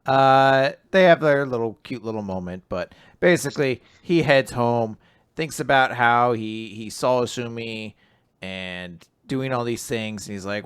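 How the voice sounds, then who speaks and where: A podcast co-host with a fairly low, clean voice at normal speed casually recaps comics. He's animated and acts out character dialogue in different voices.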